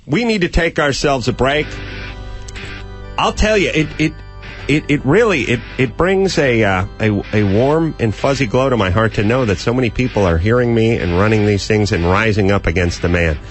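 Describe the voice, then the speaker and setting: A man hosting a comedy talk radio show, riffing on absurd scenarios and bursting into shouted mock cop lines. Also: medium pitch, animated, normal speed, faint music behind.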